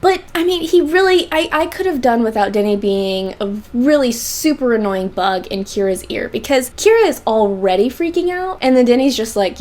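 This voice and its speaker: A woman's voice: on the high side, expressive, moderate pace, hardly any pauses, darkish tone. Emphatic, slangy woman reviewing a book. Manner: emphatic, repeats points, slangy asides. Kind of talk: casual book review chat.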